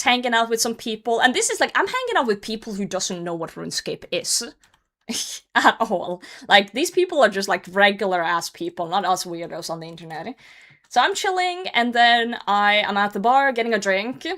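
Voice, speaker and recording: A young Norwegian woman, a native Norwegian speaker with a Norwegian accent, telling a story casually on her game livestream, animated, laughing often and swearing freely. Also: on the high side. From Norway. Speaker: game streamer.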